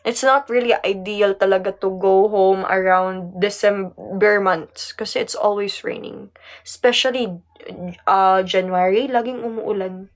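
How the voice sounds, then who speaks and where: A woman's voice: medium pitch, steady tone, unhurried. A young Filipino woman chatting on a live stream, reading comments aloud, giggling and mixing Tagalog with English. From Philippines.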